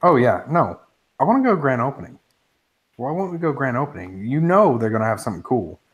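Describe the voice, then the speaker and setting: A man co-hosting a casual live stream, excitable and quick to joke. His voice sits at an ordinary middle pitch for a man. He talks in an easy chat manner. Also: slightly rough. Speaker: podcast co-host.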